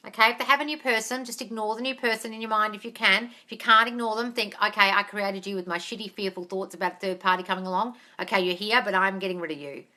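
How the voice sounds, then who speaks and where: A woman hosting a live question-and-answer stream as a manifestation coach, blunt and brisk, swearing freely and sounding exasperated. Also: medium pitch, steady tone, pushed and bright.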